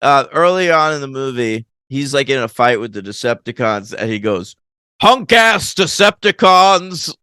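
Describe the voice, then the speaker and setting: A man co-hosting a casual film review podcast, animated and laughing often as he pokes fun at movie lines. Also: medium pitch, normal speed, hardly any pauses, smooth, dry recording. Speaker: podcast co-host.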